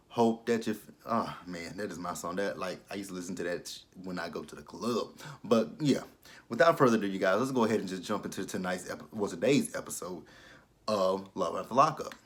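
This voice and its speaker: A man, casually reviewing a reality show in a joking, profane, animated way. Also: deep voice, brisk.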